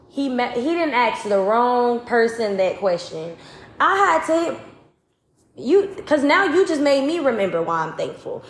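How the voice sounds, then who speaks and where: A woman preacher giving a testimony sermon, emphatic and repetitive, with rising excitement. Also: on the high side, a little slow. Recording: roomy echo.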